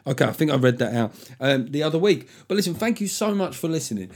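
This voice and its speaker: A man's voice: a little high, sing-song, quick pace, few pauses, slightly rough. Sweary middle-aged man hosting a podcast. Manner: sweary, jokey, throws in voices for effect. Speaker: podcast host. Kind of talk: solo podcast, casual comic chat.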